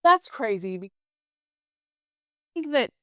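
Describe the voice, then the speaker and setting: A woman in casual chat with her husband, playful and exasperated, recorded close in a quiet room. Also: on the high side, very animated, extremely slow, smooth, no echo. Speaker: co-host, player's wife.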